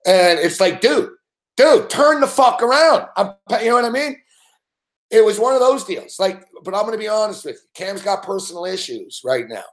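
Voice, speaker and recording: A man's voice: sits high, animated, a little fast. A man hosting a sports betting show, telling a story in a casual way, swearing constantly and laughing often.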